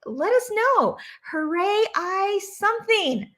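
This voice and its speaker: A woman's voice: very high voice, sing-song, slow, fairly bright tone. A woman hosting a live stream, reading viewer comments aloud in an enthusiastic, bubbly way and laughing often. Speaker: host.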